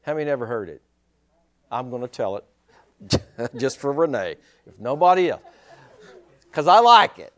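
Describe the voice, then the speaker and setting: A male pastor preaching a sermon in an animated way, full of rhetorical questions and chuckling asides. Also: medium pitch, normal speed, long pauses.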